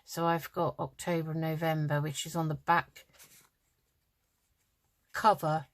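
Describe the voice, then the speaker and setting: A low-voiced older woman from the UK chats casually as she works on a collage at her craft table. She rambles along with plenty of ums and sounds a little tired. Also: level tone, fairly quick. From United Kingdom. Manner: chatty and rambling, with many ums. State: yawning, tired. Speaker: craft vlogger. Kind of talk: casual chat while crafting.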